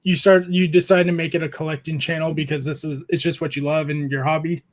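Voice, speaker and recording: A man's voice: a little high, little pitch movement, fast. A man in his thirties hosting a casual creator chat, laid-back, swearing freely and laughing often as he tells stories. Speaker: podcast host interviewing a YouTuber.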